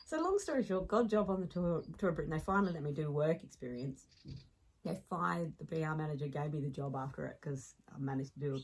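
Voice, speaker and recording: A woman in her late thirties with an Australian accent, telling a lively personal story as a podcast guest and laughing along as she talks. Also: low-pitched, quick pace, poor audio.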